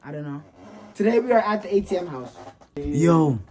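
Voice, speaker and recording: A man's voice: on the high side, moderate pace, over a noisy crowd. A young man hosting a casual vlog, bantering and arguing jokingly with friends. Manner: joking, animated, argumentative banter. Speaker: vlog host. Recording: music playing loudly behind.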